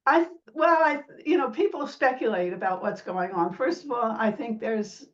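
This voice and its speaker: A woman's voice: fairly high pitch, expressive, moderate pace, far from the mic, dull audio. A woman sociolinguist explaining speech sounds in an interview, imitating vowels and laughing lightly as she talks. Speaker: sociolinguist guest.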